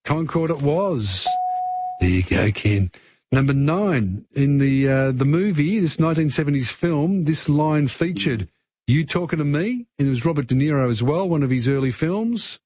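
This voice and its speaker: Male radio quiz host, husky, chatty, dry muffled broadcast sound. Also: fairly high pitch, animated, moderate pace, a little mellow, dry recording. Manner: chatty, encouraging, prompts callers with hints.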